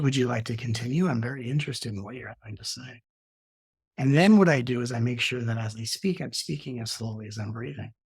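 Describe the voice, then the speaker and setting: Man teaching calmly, slightly husky voice. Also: dry recording, studio quality. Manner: slows down and softens to demonstrate calm breathing; acts out quoted arguments with sudden rises in pitch. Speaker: spiritual teacher, interview guest. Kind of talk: reflective teaching talk.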